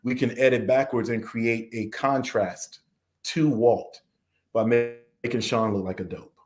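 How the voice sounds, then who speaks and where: A Southern American man appears as a podcast interview guest, speaking in a mid-range voice with fairly even intonation and a slightly slow pace. Frustrated and long-winded, he goes on at length, acting out the questions he was asked.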